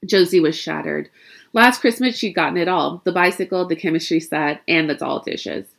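Woman reading a spooky story out loud, lively and chatty, kinda low voice, trips on words sometimes. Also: moderate pace, gravelly. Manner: expressive, chatty, stumbles and laughs at her own jokes. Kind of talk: reading a story aloud with asides.

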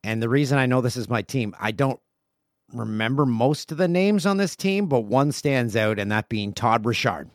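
A man in his forties hosts a casual solo podcast, reading listener emails aloud and adding chatty, jokey asides. His mid-range voice has lively intonation at a normal speed, recorded dry in clean studio sound.

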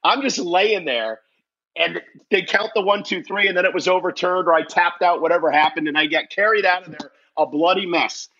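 This man's voice is high-pitched and fairly quick. Guesting on a casual interview, he tells an animated story that pokes fun at himself, voicing each person in it, and the audio has its highs cut off.

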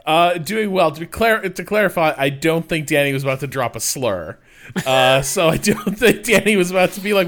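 A man co-hosting a casual podcast, wry and animated. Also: fairly high pitch, moderate pace. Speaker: podcast co-host.

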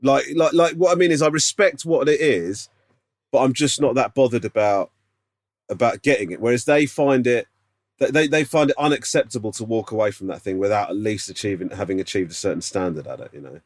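A man's voice: medium pitch, fairly quick, no echo, clean studio sound. A man co-hosting a casual podcast chat, teasing his friend with incredulous questions. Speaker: podcast co-host.

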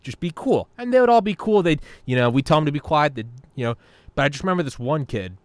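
A man in his thirties hosting a podcast, telling stories in an animated, casual way, swearing freely and repeating words. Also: a little high, fast talker, dry recording. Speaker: podcast host. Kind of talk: casual storytelling chat.

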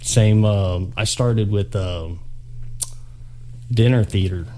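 A man chatting as a podcast guest, telling stories in a relaxed, rambling way. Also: lowish voice, takes it slowly. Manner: easygoing, rambling storyteller. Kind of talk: casual chat.

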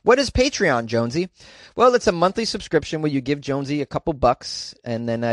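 A man's voice: medium pitch, dry recording, studio quality. A man hosting a comedic news podcast, rambling and joking, laughing at his own jokes. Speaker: podcast host.

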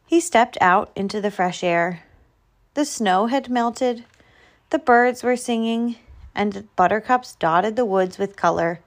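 A woman reading a children's picture book aloud, slow and expressive. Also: mid-range voice. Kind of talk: storybook read-aloud.

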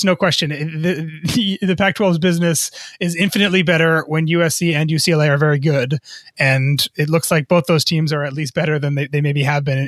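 A man's voice: a little high, fairly bright tone, dry recording, studio quality. A man co-hosting a sports business podcast, talking casually and often repeating words as he thinks. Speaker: co-host, sports business reporter.

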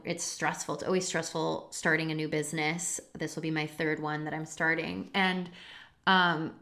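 Woman, 30s, solo podcast host; earnest and confessional, lower pitch, casual swearing. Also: a bit bright. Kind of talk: reflective solo podcast talk.

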